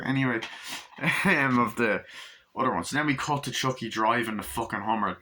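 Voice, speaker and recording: A man's voice: mid-range voice, steady tone, moderate pace, pushed and bright, a little hiss or hum. Rambling, profane male movie reviewer. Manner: rambling, profane, full of sound effects and impressions. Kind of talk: casual movie recap.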